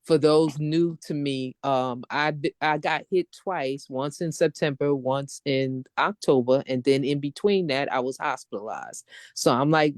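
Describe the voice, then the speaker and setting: A woman's voice: low-pitched, a little slow, no room sound. A middle-aged woman on a video call, venting at length in a frustrated, casual ranting way. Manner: frustrated ranting, talks in long run-on stretches. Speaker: open mic participant.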